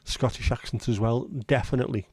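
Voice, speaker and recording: A man's voice: medium pitch, fairly even intonation, brisk, darkish tone, husky, no room sound. A man hosting a livestream in casual, rambling chat, blunt and now and then swearing. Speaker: livestream host.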